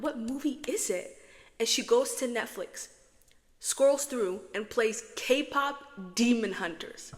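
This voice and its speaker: A woman's voice: a little high, a bit bright. A young woman from Morocco chatting dramatically to camera as a vlogger, with a strong echo effect on her voice. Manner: chatty, dramatic, self-talking. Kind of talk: casual chat vlog. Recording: echoey reverb from an echo setting.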